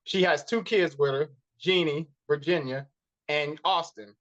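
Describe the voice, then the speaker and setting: A man co-hosting a casual movie podcast, animated and often laughing. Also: fairly high pitch, unhurried. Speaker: podcast co-host. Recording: dull lo-fi podcast audio.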